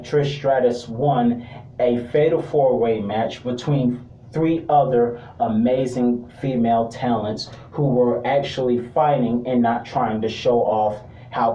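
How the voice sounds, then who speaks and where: A man's voice: medium pitch, mellow, lo-fi sound. Rambling male wrestling reviewer, distant mic. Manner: rambling, joking asides. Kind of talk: casual review monologue. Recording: roomy sound, distant mic.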